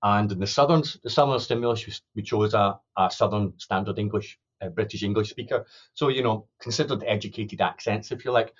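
A man's voice: lowish voice, brisk. A middle-aged male academic explaining his research in a podcast interview, thoughtful and full of restarts. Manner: thoughtful, many restarts and "you know". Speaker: sociolinguistics academic guest. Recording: dull lo-fi sound.

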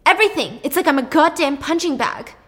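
A woman's voice: on the high side, expressive, fairly quick, sharp tone. A woman voicing a panicked, paranoid young man who swears and lashes out while retelling a story. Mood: frantic. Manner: frantic, swearing, accusing.

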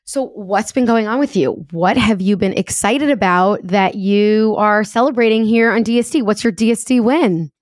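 A woman's voice: mid-range voice, moderate pace, few pauses, dry recording, clean studio sound. A woman hosting a podcast in casual chat, talking in a chatty way with frequent "like" fillers. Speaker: podcast host.

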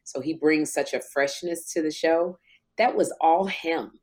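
A woman in her fifties, a talk show host, telling an emotional story in lively chat, jumping up in pitch when she quotes people. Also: a little slow. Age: 50s.

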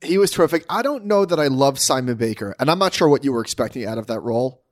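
A man's voice: medium pitch, lively intonation, fast talker, no room sound, studio quality. A man co-hosting a podcast, talking casually and conversationally with a nitpicking streak. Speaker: podcast co-host.

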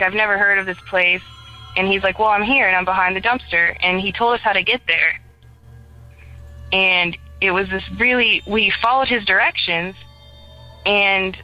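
Calling in with a ghost story, this young woman talks in an easygoing first-person style, peppering her speech with "like" and performing each line of dialogue. Her mid-range voice comes through with the highs cut off.

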